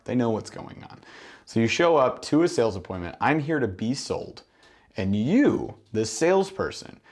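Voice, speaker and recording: A man coaching gym owners in a monologue, emphatic and full of rhetorical questions and acted-out exchanges. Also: fairly low pitch. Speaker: business mentor for gym owners. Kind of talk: instructional monologue.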